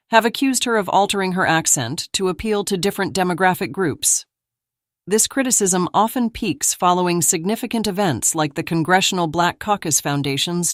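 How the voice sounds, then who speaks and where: Woman narrator, low voice, dry close mic, measured scripted read. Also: no echo.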